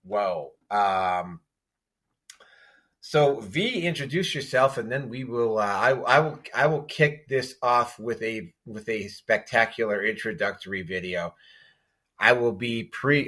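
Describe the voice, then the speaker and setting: A male podcast host talks in a loose, chatty way, full of ums and restarts. His voice sits a little low but sounds bright and forceful. He moves from one topic to the next in a relaxed hangout style. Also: takes it slowly. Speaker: show host. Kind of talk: casual podcast run-through of topics.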